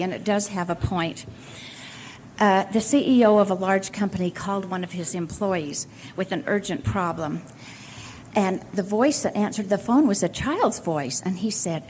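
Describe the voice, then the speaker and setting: An older woman speaks from a podium at a convention, in a voice of middling pitch. She talks in a folksy way, moving from family anecdotes to her points. A faint hiss sits under her words. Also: darkish tone. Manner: folksy storytelling with occasional laughs. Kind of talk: speech with anecdotes to an audience. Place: convention hall at a college.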